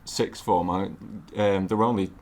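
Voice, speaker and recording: Low-voiced laid-back man. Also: steady tone, unhurried, slight background noise. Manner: laid-back, hesitant, many fillers. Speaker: podcast guest. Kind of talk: casual chat.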